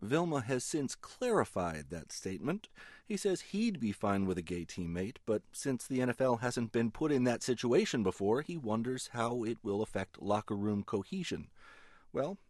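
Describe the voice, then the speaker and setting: A man delivering a radio news report in a measured, clear way. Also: medium pitch, big pitch swings, darkish tone, no room sound, clean studio sound.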